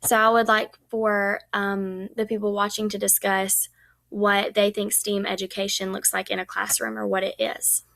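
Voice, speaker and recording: A young woman talks through a recorded class presentation in a casual, chatty way, full of ums. Her voice sits at a middling pitch and has a slightly gravelly edge. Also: monotone, moderate pace, fairly bright tone. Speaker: student teacher presenting.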